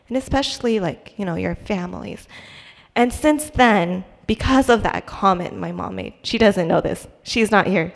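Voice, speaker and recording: A woman's voice: mid-range voice, expressive, a little slow, gravelly. Young woman sharing a testimony in a reverberant hall. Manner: conversational, hesitant, many restarts and fillers. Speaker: church speaker sharing a testimony. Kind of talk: personal testimony talk.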